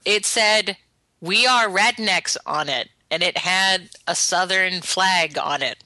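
A woman from Canada co-hosting a podcast, chatting loosely and spinning stories with plenty of "like"s. Her voice is very bright and sharp, and the recording is dry and close. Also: on the low side, slow, no echo, low-quality recording. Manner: chatty, storytelling with fillers. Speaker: podcast co-host. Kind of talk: casual chat.

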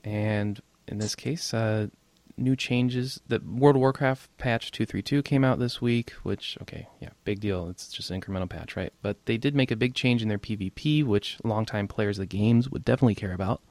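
Low-voiced man hosting a casual podcast. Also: normal speed, hardly any pauses, a little mellow, no echo. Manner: laughs often, loose and rambling. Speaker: podcast host. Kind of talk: casual gaming podcast chat.

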